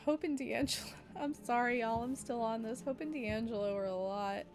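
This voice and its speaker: A woman's voice: a little high, moderate pace, over music. A woman streaming a story game, reading its narration and chatting casually with viewers, swearing and laughing.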